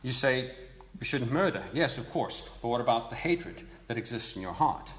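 A man's voice: mid-range voice, expressive, moderate pace, fairly bright tone. A man giving a verse-by-verse sermon, teaching in a conversational way and asking rhetorical questions. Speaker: preacher. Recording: echoey hall with long reverb.

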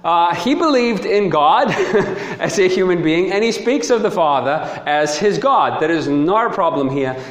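A man preaching a sermon, reading scripture and arguing his point in an emphatic, lively way with short laughs. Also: high-pitched, a little slow, few pauses, muffled recording. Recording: echoey hall with long reverb.

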